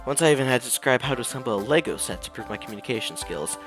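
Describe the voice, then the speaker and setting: A male streamer reading and narrating a visual novel, animated and jokey, laughing often. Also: medium pitch, very fast, music in the background.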